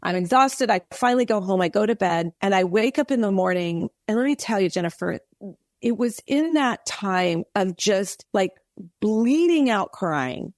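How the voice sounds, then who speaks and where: Woman, earnest testimony, animated storytelling, dry close mic. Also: mid-range voice, moderate pace, no echo. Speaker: podcast guest. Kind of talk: faith testimony in casual interview.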